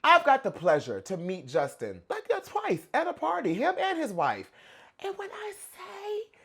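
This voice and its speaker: A young man giving casual pop culture reaction commentary in an animated, gossipy way. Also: high-pitched, normal speed, slightly rough. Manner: animated, gossipy, dramatic outbursts.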